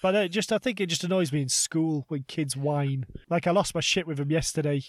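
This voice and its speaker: Guy in his 30s ranting about his day, high voice, dead dry sound. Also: fairly quick, no echo. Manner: animated storyteller, swears freely. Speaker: podcast co-host. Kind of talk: casual comedic chat.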